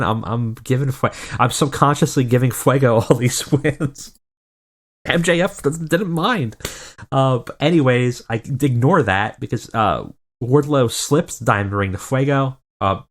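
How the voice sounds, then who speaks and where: A man giving casual, rambling commentary on a wrestling management game, often correcting himself. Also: fairly low pitch. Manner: rambling, self-correcting, chuckling. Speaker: video game let's player.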